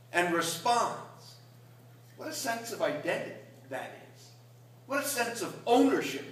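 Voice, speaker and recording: A man's voice: high-pitched, animated, moderate pace, a bit bright. A man, a priest, preaching a sermon in a conversational storytelling way that rises to emphatic peaks. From Catskill Mountains, New York. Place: large church. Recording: echoey church from far off.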